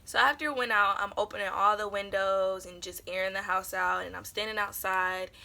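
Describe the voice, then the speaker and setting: Bright-voiced young woman telling a storytime. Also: mid-range voice, fairly even intonation, brisk, vocal fry. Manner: chatty, meandering with lots of fillers. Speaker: vlogger. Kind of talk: casual storytime.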